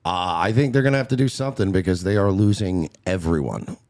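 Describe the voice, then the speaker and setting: A man's voice: low-pitched, fast talker, darkish tone. A man on a panel, chatting in a hesitant, chatty way. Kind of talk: casual panel chat.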